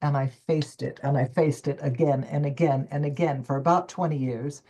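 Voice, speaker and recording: An older woman, a coach and former stage performer, telling her life story in an interview with emphatic, expressive delivery and quoted self-talk. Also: low-pitched, moderate pace. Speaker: summit guest speaker, coach.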